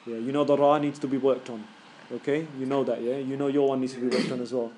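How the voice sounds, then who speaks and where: A man's voice: medium pitch, flat delivery, a little hiss or hum. Casual man teaching in class. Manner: casual, joking, demonstrates sounds loudly and slowly. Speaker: tajweed teacher.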